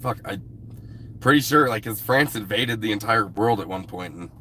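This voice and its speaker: A man talks to his livestream viewers in a somewhat low voice. He rambles in a loose, easygoing way and swears offhandedly. A faint background hiss runs under the speech. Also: moderate pace, bright, forceful tone. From US West Coast. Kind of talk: casual live-stream chat with viewers.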